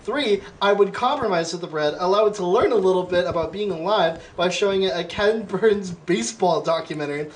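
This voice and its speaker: A man's voice: high-pitched, brisk, hardly any pauses, slight background noise. A man hosting a casual comedy podcast, playfully reading quiz questions aloud and quizzing his guests. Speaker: podcast host.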